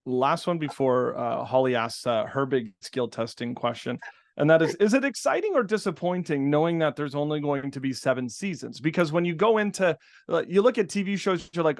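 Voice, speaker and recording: A man's voice: on the high side, animated, normal speed, creaky, no echo, studio quality. Playful male podcast co-host. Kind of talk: casual interview chat.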